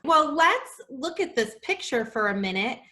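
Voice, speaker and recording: A woman teacher giving a reading lesson to young children, sounding out letters slowly and gasping in delight. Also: sits high, sing-song, pushed and bright. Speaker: kindergarten teacher.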